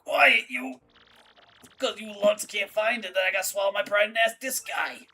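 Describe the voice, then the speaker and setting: A woman voicing a gravelly old male mob boss creature in a video game, with a raspy, menacing drawl. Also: mid-range voice, normal speed, pushed and bright, distant mic, voice pushed up. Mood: threatening. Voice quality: raspy Godfather-style mumble.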